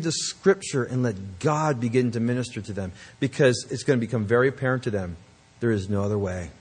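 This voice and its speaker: A man's voice: medium pitch, a little mellow. A man preaching a sermon, emphatic and earnest, with conversational asides to the congregation. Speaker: pastor.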